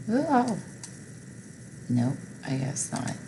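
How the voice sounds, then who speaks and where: A woman's voice: mid-range voice, very animated, drawn-out words, background noise. A woman teacher patiently walking learners through a recorded reading lesson step by step.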